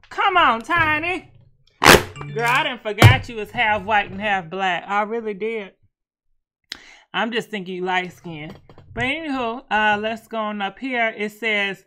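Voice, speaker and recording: A woman's voice: mid-range voice, unhurried, bright, forceful tone. A woman giving sassy, chatty celebrity gossip commentary straight to her viewers. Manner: sassy, chatty, addresses viewers as girl and honey. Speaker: gossip vlogger.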